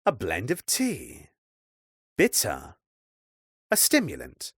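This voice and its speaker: A man's voice: on the low side, huge pitch swings, slow, creaky, a bit bright, husky, no echo, studio quality, full character voice. A man voicing a determined young templar who asks intent, earnest questions.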